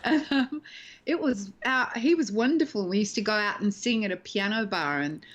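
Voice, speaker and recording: An Australian woman in her sixties, an actress chatting as an interview guest and telling lively stories, acting out the people in them. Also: mid-range voice, normal speed, dull audio. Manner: lively storyteller who acts out the people in her anecdotes. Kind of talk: casual interview chat.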